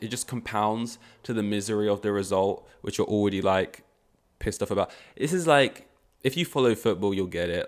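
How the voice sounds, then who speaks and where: A young man talks alone on his podcast in a loose, rambling way. His voice sits on the low side, and he often stops mid-thought to correct himself. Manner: rambling, self-correcting, frustrated asides. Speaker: podcast host. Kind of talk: casual solo podcast chat.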